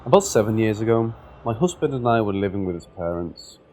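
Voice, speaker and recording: A man narrating true scary stories, steady and measured in his reading. His voice sits on the low side. It is a scripted narration for a story channel. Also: music in the background.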